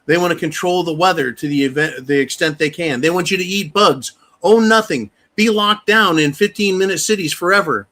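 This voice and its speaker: A man's voice: high-pitched, fairly quick, few pauses, pushed and bright. A man hosting a live show, delivering a heated, profane, ranting monologue with mocking repetition. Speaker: host. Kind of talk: live-stream commentary monologue.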